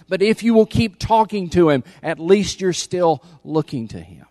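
A man preaching a sermon as pastor, emphatic, repeating key lines and swinging from loud appeals to hushed intensity. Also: sits high, moderate pace, hardly any pauses, no echo.

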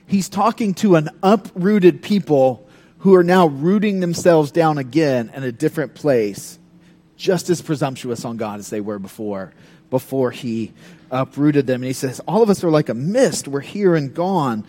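Male pastor, sermon, conversational, animated, dramatic scripture reading, slightly high voice. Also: normal speed.

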